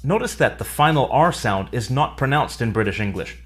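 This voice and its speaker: A man giving a scripted English lesson, explaining clearly with dry humor. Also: mid-range voice, lively intonation, brisk, faint music behind. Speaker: English teacher. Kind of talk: scripted educational narration.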